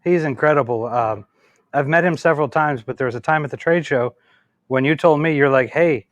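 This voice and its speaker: A man hosting a casual chat, retelling a shared memory in a quick, friendly way and asking his guest questions. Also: a little high, no room sound.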